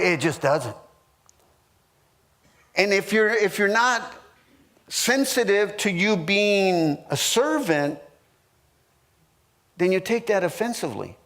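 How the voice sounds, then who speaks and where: A man's voice: high voice, a bit bright. A man in his sixties, a pastor teaching a marriage class in church, earnest and repetitive with frequent restarts.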